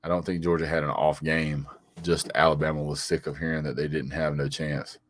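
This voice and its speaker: Deep-voiced man answering chat, stammering. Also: flat delivery, fairly quick. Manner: stammers and repeats words; reads viewer comments aloud and answers them. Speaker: sports vlogger reading live chat. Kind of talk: casual live-stream banter.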